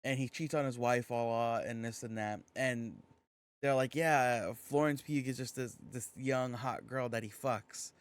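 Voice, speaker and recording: Guy on a podcast rambling about a movie, relaxed, swears a lot, medium voice. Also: medium pitch, unhurried. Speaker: podcast co-host. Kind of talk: casual chat.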